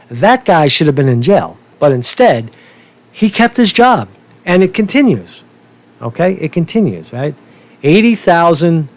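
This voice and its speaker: Heated, profane New man. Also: a little high. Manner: profane, heated, repeats himself. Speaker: political commentary vlogger. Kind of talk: angry political rant.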